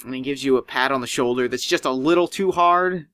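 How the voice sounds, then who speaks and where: A man narrating a tabletop game as game master, animated and swinging in pitch as he describes scenes. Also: fairly quick, clean tone, no echo.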